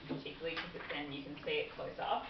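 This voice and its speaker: A woman's voice: low-pitched, level tone, very fast, distant mic, noisy background. Woman trainer recorded from across a room. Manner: explanatory, friendly instructions. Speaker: workplace communication trainer. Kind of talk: classroom training talk. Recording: dull, roomy recording from afar.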